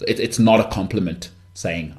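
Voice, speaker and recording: A podcast host with a Johannesburg northern suburbs South African accent goes on a blunt, rambling, candid rant full of restarts and asides. His voice is lowish and a little mellow, at a normal speed.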